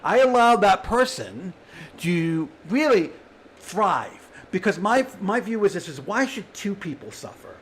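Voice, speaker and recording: A man telling a raw personal story straight to his audience, swinging between quiet stretches and shouting as he voices the people around him. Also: high-pitched, very animated, unhurried, husky. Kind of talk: emotional personal monologue.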